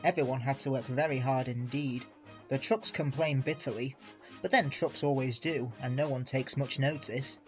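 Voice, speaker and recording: A man reading a children's railway storybook aloud in a measured, expressive way. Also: medium pitch, faint music behind. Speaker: reader. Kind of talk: storybook narration.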